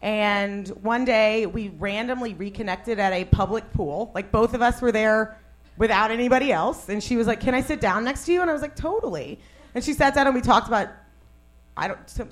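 A young woman comedian doing stand-up, then chatting casually with a laughing, self-mocking manner. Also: mid-range voice.

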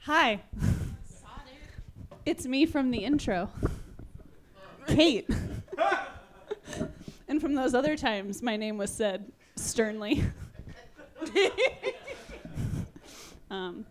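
A woman in her twenties does a stand-up set in a slightly high voice. She is dry and self-mocking, and she halts on ums before she drops each joke. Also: lively intonation, very slow, long pauses, slight background noise. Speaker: stand-up comedian.

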